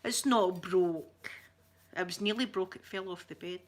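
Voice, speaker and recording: A middle-aged Scottish woman hosts an ASMR channel, chatting to her livestream audience in a rambling, giggly storytelling way with soft asides. Her voice is on the low side and unhurried.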